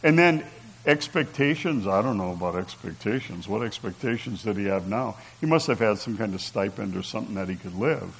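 A man's voice: fairly low pitch, lively intonation, fairly quick, creaky, husky, poor audio. A man preaching a conversational sermon, reading scripture aloud and asking his listeners rhetorical questions. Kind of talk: sermon teaching.

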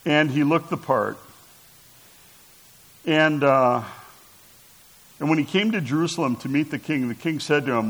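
A man's voice: fairly high pitch, measured pace, pauses often, low-quality recording. A man preaching a conversational sermon, reading scripture aloud and asking his listeners rhetorical questions. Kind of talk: sermon teaching.

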